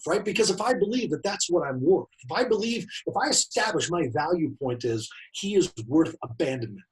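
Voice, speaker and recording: A man's voice: sits high, low-quality recording. A man in his late forties giving a personal motivational talk, emphatic and fond of repeating key phrases. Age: late 40s. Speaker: motivational speaker.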